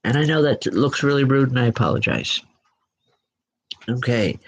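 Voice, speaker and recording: A woman giving live online psychic readings in a gentle, reassuring way, often pausing and restarting her sentences. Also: rumbling low, poor audio. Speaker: psychic medium. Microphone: computer mic.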